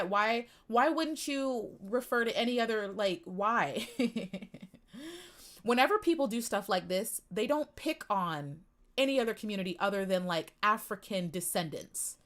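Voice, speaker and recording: An upset young woman on a live stream, pouring out an impassioned rant to her viewers at a desk mic. She talks in a middle-pitched voice, near tears, with sudden swells and drops and a habit of repeating herself. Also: fairly bright tone. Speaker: pageant commentary streamer.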